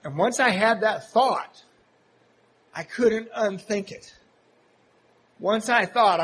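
A man from the US Pacific Northwest telling his recovery story to a meeting, candid and self-deprecating, often halting with fillers. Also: high voice, a bit bright, slight background noise, rough recording. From Seattle, Washington, USA. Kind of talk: personal recovery story told to a live audience.

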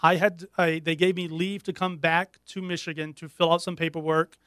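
A middle-aged man speaking as a guest in a candid interview, earnest and halting, often restarting his sentences. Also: a little high, level tone, a bit bright, smooth, no echo, clean studio sound.

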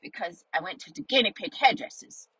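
Brief: a sulky, grumpy lady dog complaining over the fence, pitched a bit higher, voiced by a woman. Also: animated, a little fast, sharp tone, slightly rough, no echo, full character voice, poor audio.

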